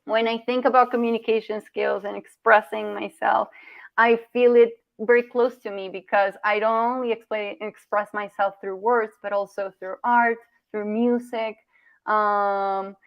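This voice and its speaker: A woman's voice: mid-range voice, level tone, a little slow, clear, resonant tone, no echo. Woman, communication coach, encouraging, dull lo-fi sound. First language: Spanish. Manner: encouraging, asks "right?" often, with restarts. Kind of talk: online workshop presentation.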